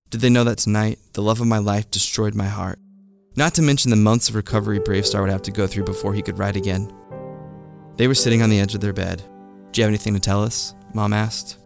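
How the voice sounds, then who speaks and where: A man tells a funny true story in a wry, deadpan way. His voice sits low with a gravelly edge. The recording is dry and close, with a faint music bed underneath. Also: no echo. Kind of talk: first-person comic storytelling.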